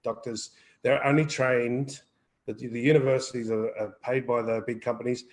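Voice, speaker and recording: A man's voice: mid-range voice, steady tone, normal speed, low-quality recording. A man co-hosting a live wellbeing Q&A, talking earnestly in a rambling way, repeating words and swearing casually. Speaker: wellbeing co-host. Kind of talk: live Q&A chat.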